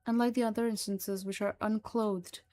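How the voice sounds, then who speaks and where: A woman narrating a horror story in a slow, hushed, even manner. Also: mid-range voice.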